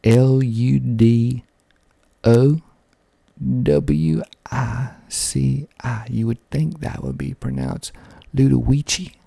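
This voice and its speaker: A man, hosting a soft-spoken ASMR video, speaking slowly and deliberately into a close mic with a pop filter, with wry asides. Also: medium pitch, creaky, breathy edge, no room sound. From Georgia, USA. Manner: slow, deliberate, half-whispered delivery with wry asides. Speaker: ASMR channel host.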